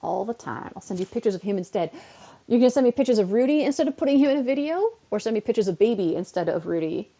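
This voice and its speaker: Tired chatty streamer woman, gravelly and mellow. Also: medium pitch, lively intonation, fast. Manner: rambling, self-mocking, easily amused. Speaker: live streamer. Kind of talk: chatty live-stream talk to viewers.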